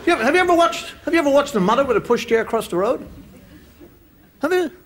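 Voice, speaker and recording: A man's voice: very high-pitched, expressive, rapid-fire, fairly bright tone. A man doing a stand-up routine on stage, ranting through incredulous rhetorical questions. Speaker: stand-up comedian. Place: comedy stage before a live audience. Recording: live audience laughter, noisy room.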